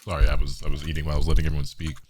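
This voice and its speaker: A man on a casual panel stream, talking rapidly in slangy, profane speech. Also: extremely low pitch, monotone, crowd noise. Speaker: guest on a community stream.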